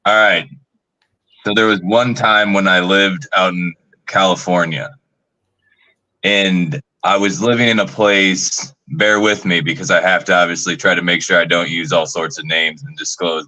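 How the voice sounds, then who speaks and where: A man's voice: deep voice, fairly even intonation, normal speed, sharp tone, dry recording, rough recording. A young man on a live video call telling a long, rambling, profane party story full of fillers. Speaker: guest storyteller. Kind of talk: casual storytelling on a live stream.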